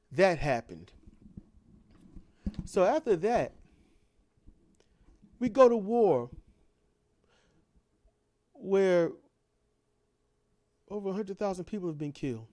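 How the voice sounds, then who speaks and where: A man's voice: sits high, very animated, takes it slowly, long pauses, darkish tone, no room sound. A man delivering an impassioned ranting monologue full of repeated rhetorical questions. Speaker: commentator.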